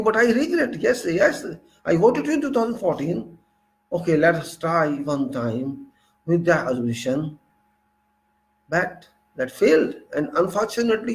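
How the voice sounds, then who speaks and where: A political commentator with an Indian English accent delivers an indignant monologue packed with rhetorical questions and repeated phrases. His voice is a little high, and the audio quality is poor.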